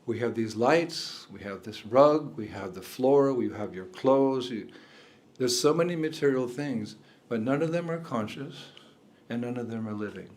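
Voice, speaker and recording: A man's voice: mid-range voice, animated, moderate pace, a little mellow. An older man, a spiritual teacher, giving a talk indoors to a room of listeners, chuckling often and asking them questions.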